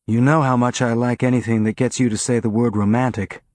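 A man's voice: mid-range voice, level tone, a little fast, darkish tone, no room sound, natural voice. A dry, wry spaceship captain giving orders and trading jokes, in a man's mid-range voice that a narrator puts on. The recording is close and dry.

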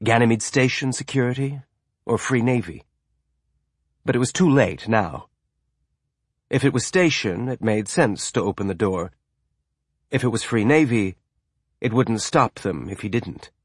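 A man reading a novel aloud as an audiobook narrator, with a measured, even storytelling delivery. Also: mid-range voice, slightly rough, no room sound, studio quality. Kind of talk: scripted narration.

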